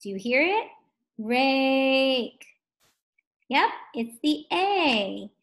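A woman teaching a first grade phonics lesson at a distance, drawing out words slowly and gently asking young children questions. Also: high-pitched, sing-song. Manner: slow, drawn-out words sounded out for children.

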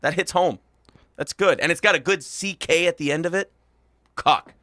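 A male morning-show host riffing crudely on a news story, loud and mocking, laughing at his own jokes. His voice sits a little high and sounds bright and forceful, recorded close and dry. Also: a little fast, no echo.

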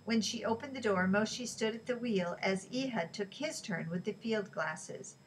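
A woman reading a novel aloud in an even, unhurried way, with small slips she corrects. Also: medium pitch, slight background noise, rough recording. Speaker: reader.

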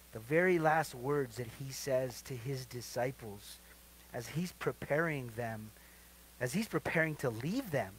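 A middle-aged male pastor leading a midweek Bible study sermon, asking the congregation to fill in verses and swinging between quiet asides and loud emphatic lines. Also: medium pitch, low-quality recording. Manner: asks the congregation questions to fill in verses, then answers them.

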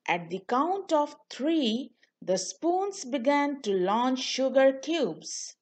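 A woman reading a children's storybook aloud in a slow, sing-song way. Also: high voice, very animated. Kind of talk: children's read-aloud narration.

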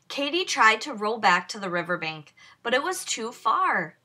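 A woman reading a children's picture book aloud in slow, expressive storytelling. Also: a little high. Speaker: storybook reader. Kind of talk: children's read-aloud narration.

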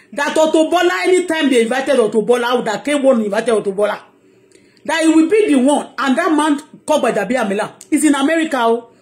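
A Nigerian-accented woman with a high voice speaks to her followers in a fired-up live monologue. She hammers her points home with emphasis and says them again. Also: darkish tone. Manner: emphatic, heated, repeats herself. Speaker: online blogger.

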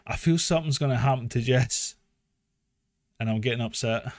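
A man, casually commentating a live game, excitable, swearing and laughing often. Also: mid-range voice, moderate pace. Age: 30s. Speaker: streamer.

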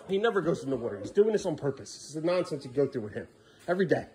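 A man's voice: high voice, animated, very fast, a bit bright, breathy edge. A middle-aged man, a father filming a home vlog, exasperated and scolding as he keeps repeating commands to his kids. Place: family home, indoors and yard.

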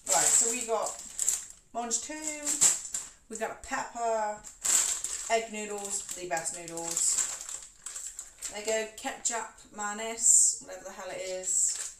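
Casting note: woman, casual self-mocking cooking streamer, heard from across an echoey room. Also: mid-range voice. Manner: chatty and self-mocking, talks to viewers while moving around. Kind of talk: casual live-stream chat while cooking. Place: home kitchen. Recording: roomy kitchen, far from mic, background noise.

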